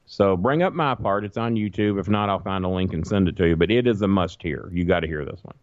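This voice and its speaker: A man telling a long, profane, animated story in a casual podcast chat. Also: low-pitched, quick pace, no echo, narrow, tinny audio. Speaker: guest storyteller.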